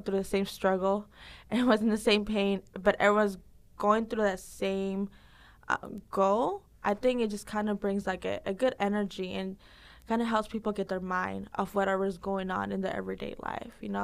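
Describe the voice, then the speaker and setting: A woman fitness instructor answering interview questions in a lively, casual way, laughing often and using lots of fillers. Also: medium pitch, gravelly.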